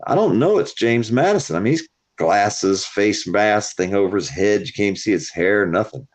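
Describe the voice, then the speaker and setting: A man hosting a live stream, telling stories in a profane, animated way. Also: on the low side, normal speed. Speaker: stream host. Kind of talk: casual storytelling chat. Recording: dull lo-fi stream audio.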